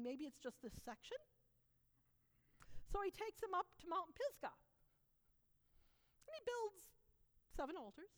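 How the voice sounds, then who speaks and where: Woman, Bible storyteller, high voice, very lively pitch, dramatic pauses, long hall reverb. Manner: animated, dramatic, emphatic pauses.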